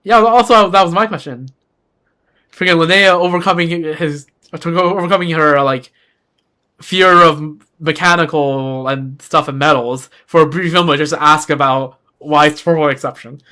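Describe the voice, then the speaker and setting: A gaming YouTuber giving casual, joking commentary while playing and reacting loudly. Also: mid-range voice, normal speed.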